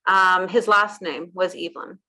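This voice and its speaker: A woman's voice: on the low side, fairly even intonation, moderate pace, crowd noise. A woman hosting a casual interview chat, upbeat, repeating words back and laughing at her own slips. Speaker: host.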